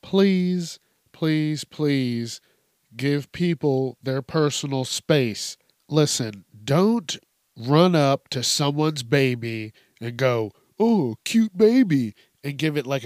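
On a dry, studio-quality recording, a man with a medium-pitched voice speaks slowly as host of a profane, casual news commentary show. He animatedly recounts strange stories, swearing heavily and laughing.

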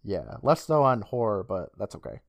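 A man's voice: fairly low pitch, sing-song, moderate pace, dry recording. A man co-hosting a podcast in casual chat, reading out listener questions in a chatty, giggly, upbeat way. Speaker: podcast co-host.

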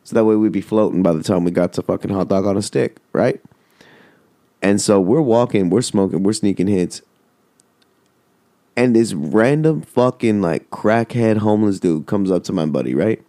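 A man tells a story in a casual, rambling way, swearing freely and filling his talk with "like". His voice sits a bit low with a dark, mellow tone. The sound is dry and close, with no room echo. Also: normal speed. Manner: rambling, profane, full of "like".

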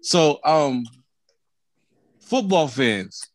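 Lively teasing man on a dry mic. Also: on the high side, very slow, no room sound. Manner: lively, teasing, laughing, repeats words. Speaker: podcast co-host. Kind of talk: casual chat.

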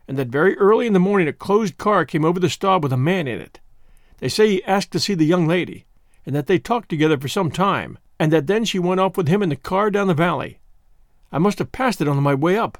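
A man putting on a hoarse, frantic young gentleman in an audiobook, his voice pitched high and swinging wildly between anguish and fury. He sounds lively and loud in a dry, close recording. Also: no room sound. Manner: anguished, cursing outbursts.

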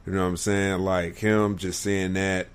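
Low-voiced male co-host, easygoing and agreeable, casual chat. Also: measured pace, smooth. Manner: relaxed, agreeable, with short backchannels. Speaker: podcast co-host.

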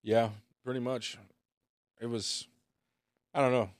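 An American man co-hosting a podcast, chatting in a relaxed, agreeable way and swearing freely. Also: medium pitch, slow pace, no echo, studio quality. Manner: laid-back, agreeable, profane. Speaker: podcast co-host. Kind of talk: casual podcast banter.

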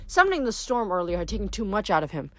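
A woman reading a novel aloud, animated, shouting the characters' lines and sometimes stumbling and restarting. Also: medium pitch, fast, no echo. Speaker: reader. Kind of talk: amateur book read-aloud.

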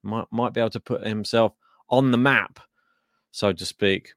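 A man's voice: fairly low pitch, fairly even intonation, normal speed, a bit bright, no echo, studio quality. A man hosting a tennis podcast, chatting casually and thinking aloud with plenty of fillers. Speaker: podcast host. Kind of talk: casual tennis preview chat.

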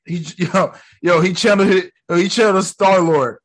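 Excitable man in a slangy reaction. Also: sits high, slow pace. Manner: excitable, profane, slangy, acts out lines from the show. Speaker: reaction video host. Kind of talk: casual reaction commentary.

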